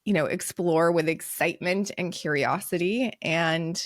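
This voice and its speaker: A woman's voice: on the low side, measured pace, no echo, studio quality. A young American woman co-hosting a podcast, chatty and bubbly, with lots of fillers. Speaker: podcast co-host. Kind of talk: casual chat.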